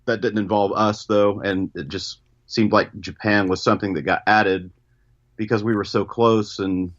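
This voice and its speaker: Low-voiced man on a dull phone line. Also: normal speed. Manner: relaxed, easygoing, hedging. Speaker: guest musician calling in. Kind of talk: casual interview chat.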